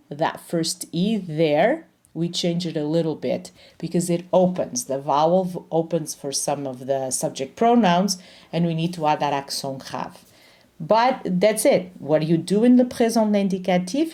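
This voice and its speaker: A woman teaching French grammar in English, explaining patiently and slowing down to pronounce each French example. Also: on the low side, animated, mellow. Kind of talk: grammar lesson.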